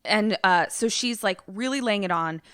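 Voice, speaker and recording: A woman podcast co-host in casual chat, retelling a film in a profane, animated way. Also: medium pitch, moderate pace, smooth, no echo, clean studio sound.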